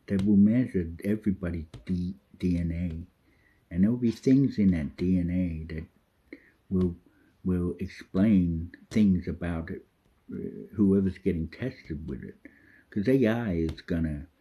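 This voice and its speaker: A man's voice: low-pitched, slightly rough, dull audio. A man talking about himself in the third person in a rambling, profane monologue. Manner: swears freely, drifts off topic. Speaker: vlogger.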